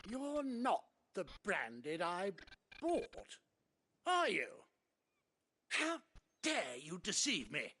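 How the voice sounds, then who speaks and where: A man's voice: sits high, wildly swooping pitch, very slow, pauses often, sharp tone, a little hiss or hum, exaggerated voice. An actor playing a haughty, cruel nobleman who speaks in a pompous, theatrical way in a video game. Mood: haughty indignant. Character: haughty cruel nobleman, adult man, arrogant.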